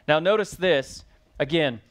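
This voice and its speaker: A man's voice: fairly high pitch, a little slow, a bit bright. A man preaching as pastor, reading scripture aloud and then explaining it with rising emphasis and questions to the congregation. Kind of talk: sermon.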